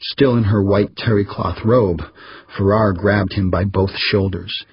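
A man reading an audiobook in steady, measured scripted narration. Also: lowish voice, muffled recording.

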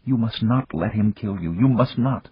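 A man's voice: normal speed, husky, no echo, lo-fi sound. A man doing a frightened, fragile young woman. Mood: frightened pleading. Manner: soft, uncertain, breathless higher voice.

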